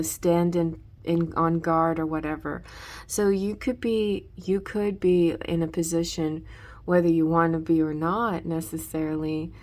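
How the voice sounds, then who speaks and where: Low-voiced woman giving a rambling tarot reading. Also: darkish tone. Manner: rambling, many restarts and "you know". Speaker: tarot reader.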